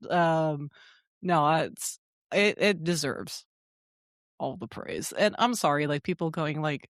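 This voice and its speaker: A woman co-hosting a gaming podcast in casual chat, blunt and animated, swearing freely as she tells stories. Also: deep voice, slow, dry recording, clean studio sound. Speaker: podcast co-host.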